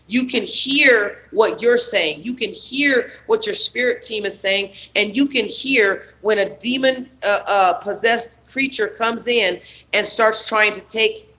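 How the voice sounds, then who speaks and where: A man's voice: very high voice, bright, forceful tone. A man coaching on trauma healing in a rambling, emphatic spiritual self-help monologue full of fillers.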